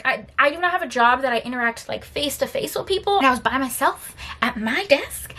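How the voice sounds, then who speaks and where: A young adult woman chatting casually as a book vlogger, tired but animated, telling stories with sassy, emphatic asides. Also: sits high, fairly quick, hardly any pauses.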